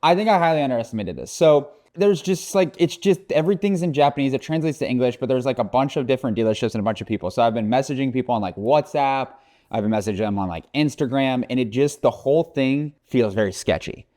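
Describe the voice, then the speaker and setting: A man's voice: medium pitch, fast talker, warm tone. A man vlogging casually, joking around, swearing often and rambling. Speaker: car vlogger. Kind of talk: casual vlog talk.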